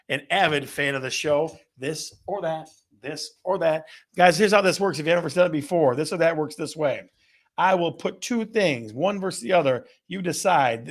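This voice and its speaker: A man's voice: on the high side, fairly bright tone. A man hosting a casual live show, upbeat and playful, reading out viewer comments from the chat. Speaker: host of a real estate live show.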